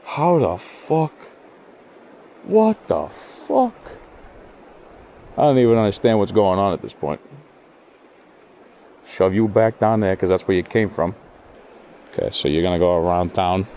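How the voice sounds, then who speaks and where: A man's voice: low voice, fairly even intonation, moderate pace, pauses often, a little mellow, a little hiss or hum. A man vlogging while fishing outdoors, muttering frustrated, profane commentary to himself. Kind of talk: casual solo commentary. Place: outdoors by cold water.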